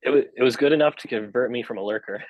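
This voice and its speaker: A man's voice: medium pitch, fast, dry recording, lo-fi sound. A young man as a podcast guest, talking casually and rambling with lots of fillers and restarts. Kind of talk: casual interview chat.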